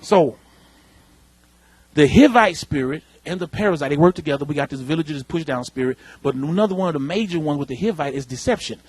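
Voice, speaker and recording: High-voiced husky preacher man. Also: brisk, dry recording. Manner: animated preaching, calls out to the congregation. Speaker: pastor. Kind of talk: sermon. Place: church sanctuary.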